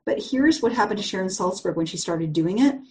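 A woman leads a live group call, talking through a meditation in a loose, chatty storytelling way. Her voice is mellow and sits at an ordinary pitch. She rambles a little, with plenty of fillers and restarts. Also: animated, fairly quick, poor audio. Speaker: coach leading a group call.

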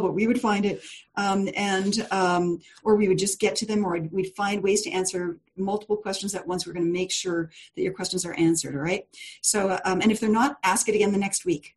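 A woman's voice: mid-range voice, steady tone, fairly quick, a little mellow. A woman leading a live online course call, talking in a chatty, encouraging way with frequent fillers and laughs. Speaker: course leader.

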